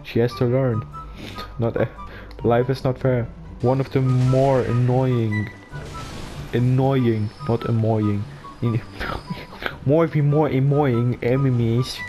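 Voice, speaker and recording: A man with a German accent giving casual gaming commentary in a flat monotone, joking to himself over a basic microphone. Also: mid-range voice, slow, lo-fi sound, music in the background. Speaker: gameplay commentator.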